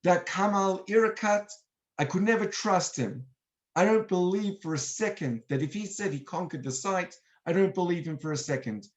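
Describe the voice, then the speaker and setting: A man's voice: high voice, normal speed, voice pushed up, natural voice. A man acting out a male Arab commander from 1948, musing aloud in a boastful, then distrustful way.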